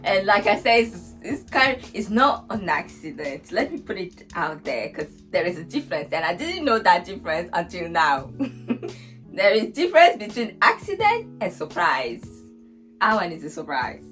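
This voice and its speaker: A woman's voice: fairly low pitch, very animated, moderate pace. A young woman chatting casually as a vlogger about being a mother, laughing often and restarting sentences. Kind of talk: casual chat. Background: soft guitar music.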